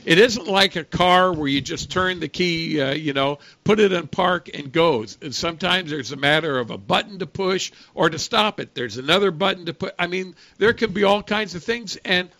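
A man's voice: sits high, expressive, normal speed, few pauses, sharp tone. A man hosting a talk radio show, chatting in an easygoing conversational way with the odd filler.

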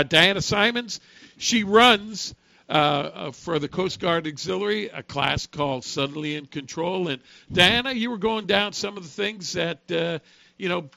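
Bright-voiced male radio host. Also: sits high, vocal fry, dry recording. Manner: conversational, easygoing, with fillers. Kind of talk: casual radio talk.

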